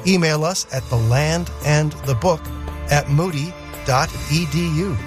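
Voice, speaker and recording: A man's voice: a little high, a little slow, music in the background. A man co-hosting a Christian radio program, friendly and upbeat as he gives announcements. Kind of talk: radio announcing and co-host chat.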